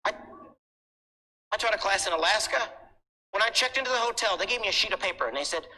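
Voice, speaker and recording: A man's voice: high-pitched, fast talker, sharp tone. A man teaching a real estate class, telling a story in a dramatic, emphatic way. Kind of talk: animated storytelling lecture. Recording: echoey hall, noisy background.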